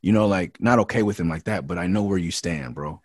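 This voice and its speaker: A deep, husky male voice recorded close and dry, with no room around it. He speaks in a candid, loose interview style, swearing freely and pushing harder on the points he feels strongly about. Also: brisk, a little mellow, dry recording. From Los Angeles area. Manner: frank and profane, ramps up when heated. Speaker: rapper and interview guest. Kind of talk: candid casual interview talk.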